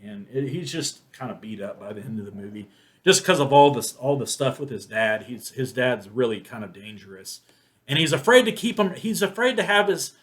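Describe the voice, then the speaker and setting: A man's voice: mid-range voice, expressive, brisk, a bit bright. Rambling man reviewing a movie. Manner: rambling, many restarts and fillers. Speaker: film reviewer. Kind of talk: casual spoken movie review.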